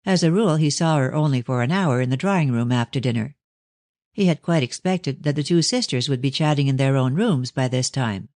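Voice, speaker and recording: A man reading a mystery novel aloud as an audiobook narrator, in a steady storytelling manner. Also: medium pitch, a little fast, dry recording, studio quality.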